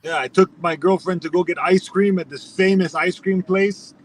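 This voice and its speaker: Iranian-born man, high voice, animated rant, casual stream chat. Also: moderate pace, slight background noise. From Iran. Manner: animated ranting storyteller, swears a lot. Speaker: streamer telling a story.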